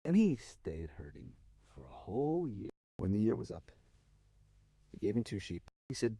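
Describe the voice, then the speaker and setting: A man recounting a folk tale with a lively, rising-and-falling delivery. His voice is lowish and mellow, and it sits close and dry with no room sound. He leans hard on some phrases and lets others fall almost to a murmur. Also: moderate pace, husky, no room sound. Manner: expressive, swings from soft to emphatic. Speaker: storyteller. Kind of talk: dramatic oral storytelling.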